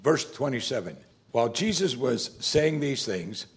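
A pastor preaches conversationally, asking the congregation rhetorical questions and acting out the scripture he quotes. He has a medium-pitched voice with big pitch swings and a moderate pace.

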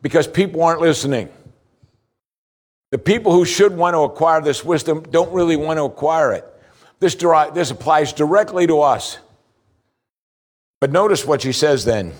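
A male pastor delivers a sermon, reading scripture at a slow pace and lifting his pitch as he drives his points home.

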